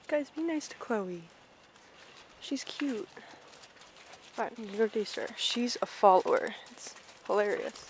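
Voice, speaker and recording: A woman's voice: on the high side, lively intonation, measured pace, long pauses, a little hiss or hum, low-quality recording. A young woman casually vlogging an outdoor farm tour on a handheld camera, chatting and calling out to her ponies.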